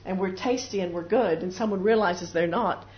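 A woman's voice: fairly low pitch, moderate pace. Earnest woman preaching a sermon, lo-fi sound. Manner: earnest, acts out little voices of doubters and prayers. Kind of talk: devotional sermon. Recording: dull lo-fi recording with faint noise.

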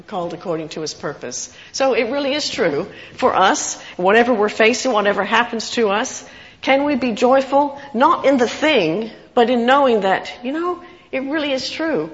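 A woman giving a sermon, telling stories in an earnest, animated way. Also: on the high side, normal speed. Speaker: preacher. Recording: muffled with long hall reverb.

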